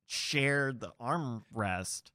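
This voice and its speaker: Bright, lively man telling a story. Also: mid-range voice, drawn-out words, dry recording, studio quality. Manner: rambling storyteller, laughs often. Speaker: podcast co-host. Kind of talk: casual chat.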